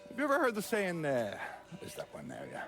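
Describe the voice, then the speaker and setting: A foul-mouthed Belfast crime boss. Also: male voice, a little high, wildly swooping pitch, a little fast, gravelly, a bit bright, soft background music, full character voice. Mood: gruff, scheming. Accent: Belfast Irish. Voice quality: heavy profanity, blunt. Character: foul-mouthed Irish male crime boss, gruff and scheming.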